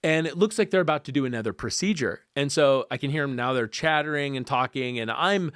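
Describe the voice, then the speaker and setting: A man's voice: mid-range voice, brisk, smooth, no echo. Man telling a story, dry close sound. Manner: animated, acts out the voices of people in his story. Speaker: guest. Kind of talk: storytelling in a casual podcast chat.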